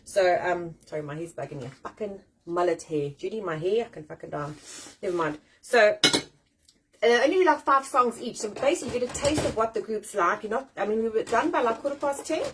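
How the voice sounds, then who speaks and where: A South African woman in her forties talks at a quick clip on a live stream from home. She is chatty and animated, swears freely and laughs at herself. A faint hiss sits under her mid-pitched voice. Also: rough recording. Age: 40s. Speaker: host. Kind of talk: casual live-stream chat. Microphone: phone or webcam on a live stream.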